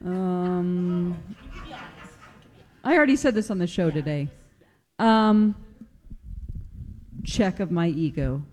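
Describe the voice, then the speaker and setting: A woman's voice: fairly low pitch, animated, slow pace, pauses often, a little mellow, slight background noise. A woman guest in casual chat, hesitant and searching for words.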